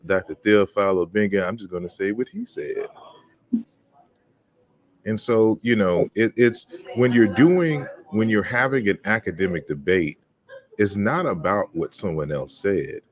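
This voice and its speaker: Blunt, deep-voiced man hosting. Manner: blunt, emphatic, repeats words when starting. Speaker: host. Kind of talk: open forum discussion.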